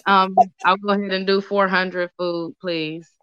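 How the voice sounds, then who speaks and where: Woman comedian contestant, bright and crisp, recorded dry and lo-fi. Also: mid-range voice, measured pace, no echo. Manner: relaxed, self-deprecating joking. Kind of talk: casual podcast quiz banter.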